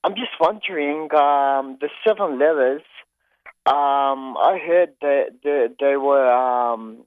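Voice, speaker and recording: A man's voice: medium pitch, slow pace, clear, resonant tone. A man calling in to a radio show, speaking hesitantly with many "um"s and repeated words. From Australia. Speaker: caller. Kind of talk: phone call to a radio show. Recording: dry tinny phone line.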